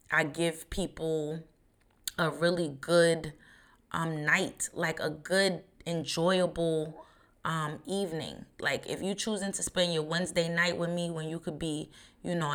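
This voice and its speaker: A woman's voice: low voice, bright, forceful tone. A woman in her thirties hosting a podcast, talking in a chatty, rambling way with lots of fillers. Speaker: podcast host. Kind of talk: casual podcast monologue.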